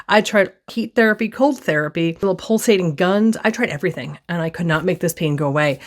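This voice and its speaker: A woman telling a personal story on her vlog from her desk, expressive and acting out her own reactions. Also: lowish voice. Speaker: vlogger.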